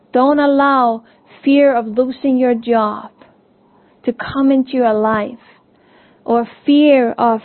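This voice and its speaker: A woman giving an earnest sermon, telling a parable gently with small restarts. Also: fairly high pitch. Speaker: preacher. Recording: tinny phone-like audio.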